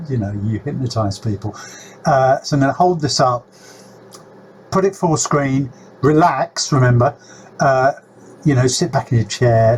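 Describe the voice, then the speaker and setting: A man's voice: medium pitch, a little hiss or hum. A man hosting a reaction video, talking casually to his viewers in a rambling, hesitant way with lots of fillers and some mock hypnotist patter. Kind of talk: casual talk to camera.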